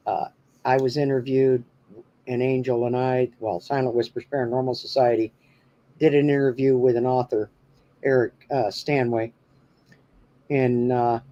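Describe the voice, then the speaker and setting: A man's voice: mid-range voice, dark tone, muffled recording. A man hosting a paranormal podcast, telling a story in a rambling, casual way with many fillers. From New Hampshire. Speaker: podcast host.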